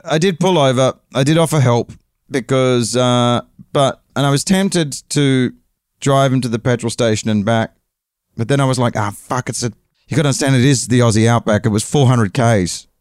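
An English man spins a casual, meandering story, full of swearing and asides where he corrects his own details. His voice is smooth and resonant, sitting at an ordinary middle pitch. The recording is dry, with no room echo. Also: a little mellow. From England. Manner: rambling, profane, self-correcting.

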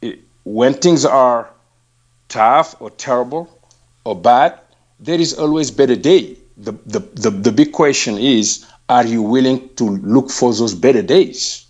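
An earnest man with a West African accent answers interview questions in a reflective, halting way. He often stumbles and restarts before finding his words, and his voice sits at an ordinary middle pitch. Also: darkish tone. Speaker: interview guest.

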